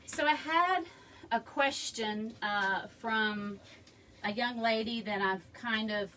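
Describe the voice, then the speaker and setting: A woman's voice: a little high, slow, pushed and bright. A woman hosting a casual live craft tutorial, chatting and rambling with friendly asides to her viewers from her home. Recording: room mic from a distance, faint background noise.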